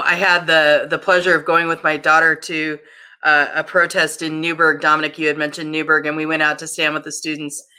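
Bright, earnest podcast host. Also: medium pitch. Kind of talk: podcast discussion.

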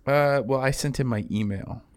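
A man's voice: mid-range voice, moderate pace. A young man co-hosting a comedy podcast, joking crudely in casual chat. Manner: crude, joking, animated storyteller.

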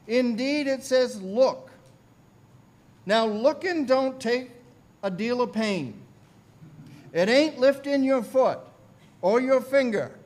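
A male pastor plays a thin country lay preacher with a broad Essex accent. He pleads in plain, homely words and repeats himself over and over. The voice sits high and carries loudly. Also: animated, slow, long pauses, heavily acted. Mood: folksy emphatic. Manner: folksy, repetitive, pleading.

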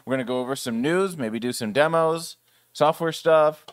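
A man's voice: a little high, moderate pace, dry recording. A man casually presenting at a developer meetup, rambling a bit with fillers.

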